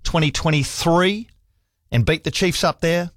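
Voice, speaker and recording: Chatty New radio host, dry studio. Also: male voice, a little high, measured pace, dry recording. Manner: chatty, laughs with callers. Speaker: radio sports talk host. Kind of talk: sports radio talkback.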